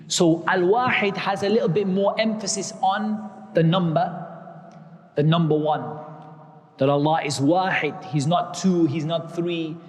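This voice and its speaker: A high-voiced man teaches a religious lesson, slowly repeating key words so they sink in. He mixes Arabic terms into his English explanations, and his voice carries a long echo like a large hall.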